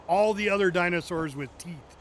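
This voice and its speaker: A man's voice: sits high, fairly bright tone, a little hiss or hum. A man streaming a driving game, chatting casually and cracking jokes at his own puns. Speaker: gaming streamer. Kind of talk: casual live gameplay chat.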